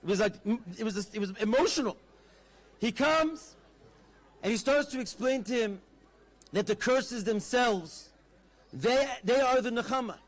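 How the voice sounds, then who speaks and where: A rabbi with an extremely high-pitched voice speaks a little slowly and pauses often. He's giving an animated storytelling address at an outdoor festival, mixing in Hebrew terms.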